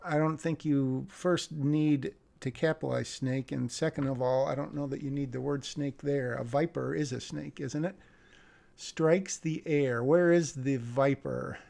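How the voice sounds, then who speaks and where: A man's voice: medium pitch, steady tone, moderate pace, vocal fry, few pauses, a little mellow. A man giving a casual critique of a screenplay, thinking aloud with hesitations and muttering lines under his breath. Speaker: screenwriting commentator.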